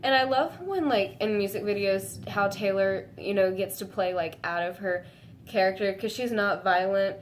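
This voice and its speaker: Excited girl fan vlogging, says like constantly, squeals high when she gets hyped, mid pitch. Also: normal speed, slight background noise. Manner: gushing and excitable, with frequent "like" fillers. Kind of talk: casual chat to camera.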